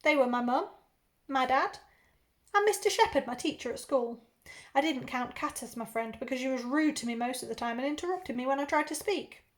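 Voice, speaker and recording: An English teacher reading a children's novel aloud in the first person, expressive and even, doing accents for the characters. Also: female voice, sits high, brisk.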